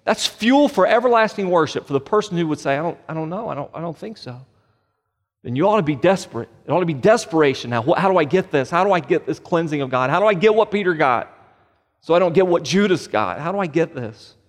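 Animated male pastor in a reverberant hall. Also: fairly high pitch, fast. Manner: animated, with rhetorical questions and joking asides. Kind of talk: sermon. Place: church sanctuary.

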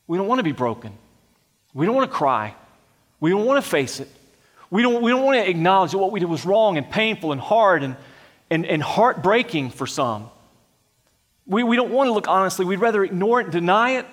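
A man's voice: high-pitched, in a large hall. A man preaching a sermon, earnest and emphatic, asking rhetorical questions of his congregation. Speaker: pastor.

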